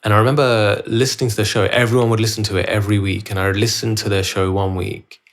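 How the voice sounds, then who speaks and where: Man, podcast host, low-pitched voice, rambling casual storytelling, filming himself at home. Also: level tone, quick pace. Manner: rambling and loose, full of likes and restarts.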